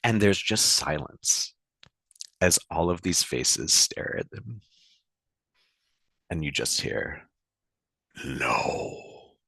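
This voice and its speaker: Man player, low voice, slow halting narration of a game scene, dry close sound. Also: sing-song, creaky, pushed and bright, slightly rough, no echo. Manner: halting, many fillers and restarts.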